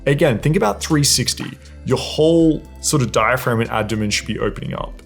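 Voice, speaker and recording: Young male voice coach, easygoing and demonstrative, mid-range pitch, soft music underneath. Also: brisk, gravelly. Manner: casual, demonstrates exercises with hums and sighs. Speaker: dating and voice coach. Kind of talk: instructional talk to camera.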